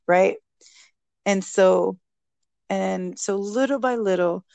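Gravelly-voiced woman telling a story. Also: on the low side, no room sound. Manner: animated, acts out quoted speech. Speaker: guest, author and mother. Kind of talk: casual storytelling interview.

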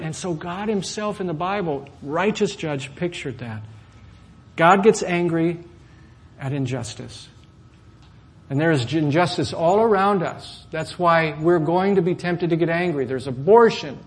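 A man preaching a sermon to a congregation, lively and often asking questions of his listeners. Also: fairly high pitch. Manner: animated, asks the audience questions. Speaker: pastor.

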